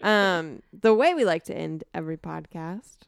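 A woman's voice: lowish voice, expressive, moderate pace, vocal fry, clear, resonant tone, dry recording, clean studio sound. A woman hosting a podcast in a laid-back, joking manner. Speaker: podcast host. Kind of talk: casual chat.

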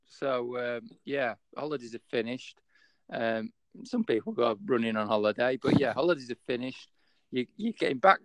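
A man's voice: mid-range voice, animated, moderate pace, a bit bright, no room sound. A man with a Yorkshire accent co-hosting a casual podcast, rambling and hesitant with many fillers. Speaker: podcast co-host.

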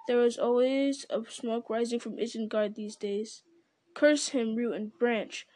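A woman voicing an ancient, slow and grave male tree-giant in a storybook reading, speaking in a solemn, deliberate way. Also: on the high side, fairly even intonation, dark tone, no room sound, natural voice.

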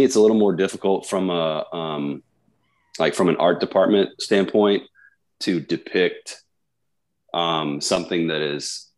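A man co-hosting a casual movie podcast, talking in a thoughtful, relaxed way with frequent ums. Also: low voice. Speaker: podcast co-host.

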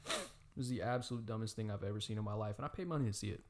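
A man in his twenties telling a friend about a movie in casual chat, animated, swearing, full of "like" fillers. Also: on the low side, very fast, noisy background. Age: 20s.

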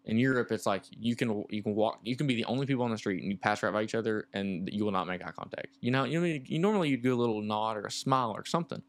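Smooth-voiced man. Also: on the low side, racing, hardly any pauses, no echo. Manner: earnest, storytelling, lots of likes and restarts. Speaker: podcast guest. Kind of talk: casual podcast chat.

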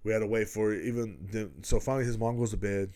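A man's voice: on the low side, fairly even intonation, fast, mellow. A man, hosting a podcast and telling rambling, profane stories, laughing as he goes. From Texas. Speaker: podcast host. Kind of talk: casual storytelling.

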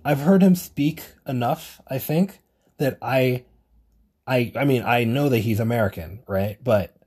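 A man's voice: mid-range voice, unhurried, a little mellow, husky. A man hosting a solo podcast, talking in a rambling casual way, swearing and correcting himself often. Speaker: podcast host.

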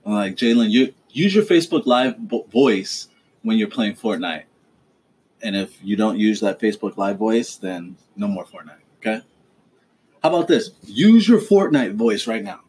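A man's voice: fairly low pitch, normal speed, darkish tone, breathy edge. A man hosting a casual home podcast with his child, teasing and lecturing in a fatherly way. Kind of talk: casual family chat.

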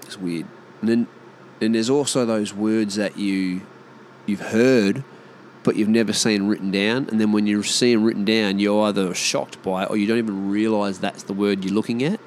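A man's voice: fairly low pitch, steady tone, normal speed, slight background noise. A man with an Australian accent, rambling in a casual monologue and ranting bluntly with plenty of swearing.

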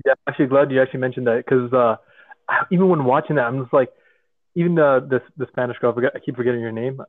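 A man co-hosting a podcast in casual chat, hesitant and then animated. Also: medium pitch, racing, no echo. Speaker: podcast co-host. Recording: tinny phone-like line.

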